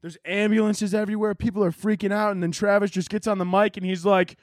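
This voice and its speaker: A man's voice: sits high, flat delivery, fast, dry recording, studio quality. A young man hosting a podcast, rambling sarcastically through a comedic monologue with frequent swearing. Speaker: podcast host.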